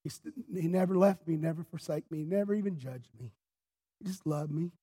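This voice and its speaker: A pastor preaching a sermon in church, telling his story with passion, dropping low and then rising to shouts. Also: fairly quick, husky. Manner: impassioned storyteller, swinging from quiet to shouting.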